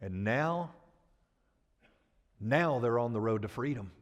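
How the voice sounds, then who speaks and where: A man's voice: mid-range voice, expressive, takes it slowly, lo-fi sound. A male pastor preaching a dramatic, emphatic sermon with folksy phrasing. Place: church sanctuary. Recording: long church-hall reverb.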